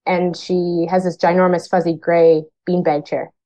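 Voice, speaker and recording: Low-voiced woman firefighter, frank. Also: little pitch movement, moderate pace, dark tone, rough recording. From Canada. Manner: frank, plain-spoken, acts out remembered dialogue. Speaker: firefighter guest. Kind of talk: candid personal storytelling.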